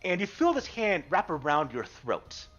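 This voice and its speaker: Lively, bright-voiced male game master. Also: high-pitched, normal speed, muffled recording. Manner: animated, rambling narration with fillers. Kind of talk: narrating a tabletop game.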